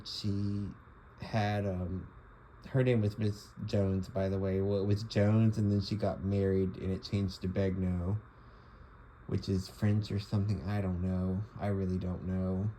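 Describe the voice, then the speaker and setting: A man's voice: fairly low pitch, level tone, a little slow, mellow, a little hiss or hum, rough recording. A young man talking casually to the camera, rambling with lots of fillers and restarts. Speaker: vlogger. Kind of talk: casual monologue.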